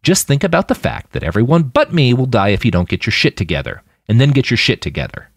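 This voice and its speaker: A man's voice: medium pitch, sing-song, fast talker, no echo, studio quality, voice pushed up. A man doing a brash, flippant post-human brute. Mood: impatient. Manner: flippant, crude, bossy. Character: brash cheerful male post-human killer.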